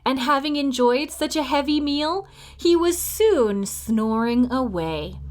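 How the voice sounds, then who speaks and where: A woman librarian hosts a children's storytime, reading a fairy tale with lots of expression and stopping to ask the children questions. Her voice is fairly high and very lively, and she keeps a slow, patient pace. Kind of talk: children's read-aloud storytime.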